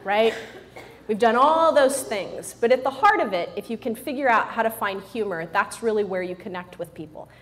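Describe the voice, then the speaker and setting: A woman's voice: on the high side, expressive, moderate pace, a little hiss or hum. A middle-aged woman giving a humorous motivational talk to a live audience, playful and joking, often checking in with the crowd. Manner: playful and joking, with frequent "right?" asides to the audience. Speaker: motivational speaker.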